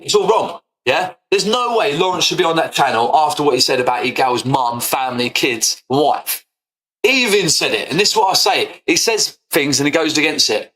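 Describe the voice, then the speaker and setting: Combative British man, bright ranting voice. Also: on the high side, rough recording. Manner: combative, swearing, repetitive. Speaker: streamer. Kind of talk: heated casual rant.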